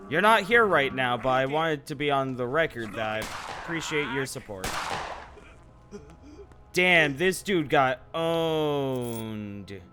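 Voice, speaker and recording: A man's voice: mid-range voice, lively intonation, slow, music in the background. A man chatting casually while streaming a video game live, swearing freely and muttering asides to himself. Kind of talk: casual live gameplay chat.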